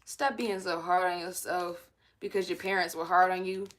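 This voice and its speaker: A woman's voice: lowish voice, fairly even intonation, moderate pace, fairly bright tone. A young woman hosting a spiritual self-help talk from home, mixing blunt, profane, laughing chatter with read-aloud guidance. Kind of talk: casual spiritual pep talk to viewers.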